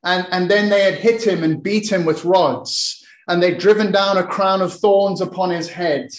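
A man's voice: sits high, fairly even intonation, moderate pace, echoey room, poor audio. A man preaching a sermon in earnest, often repeating and restarting his words.

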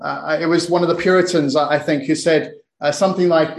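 A man's voice: a little high, fairly even intonation, a little fast, vocal fry, few pauses, roomy sound, low-quality recording. A man preaching a sermon in earnest, often repeating and restarting his words.

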